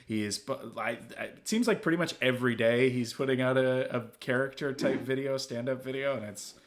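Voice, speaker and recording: A man's voice: mid-range voice, brisk. A Canadian man co-hosting a comedy stream, casually recommending the last act. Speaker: comedy show co-host. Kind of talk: casual chat.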